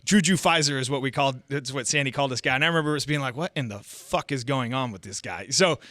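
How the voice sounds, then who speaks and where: Fast, bright-voiced man telling stories. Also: medium pitch, no room sound. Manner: animated storyteller, acts out voices and laughs often. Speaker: podcast co-host. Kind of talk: casual storytelling chat.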